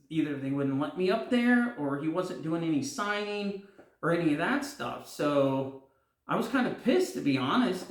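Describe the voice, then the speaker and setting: A middle-aged man telling a rambling personal story on his guitar vlog, with many fillers, acting out the voices of the people he quotes. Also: fairly high pitch. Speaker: guitar vlogger. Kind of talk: casual storytelling. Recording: echoey room.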